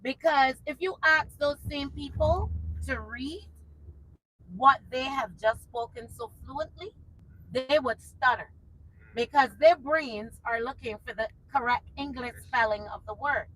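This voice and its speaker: A woman's voice: high-pitched, a little slow, a bit bright, poor audio. A woman with a Bajan accent, from Barbados, chatting casually as a tour guide and telling stories with a laugh.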